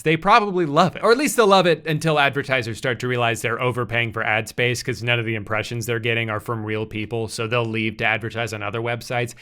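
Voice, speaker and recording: A man's voice: medium pitch, bright, forceful tone. A young man delivering scripted comedic commentary with sarcastic, exasperated asides.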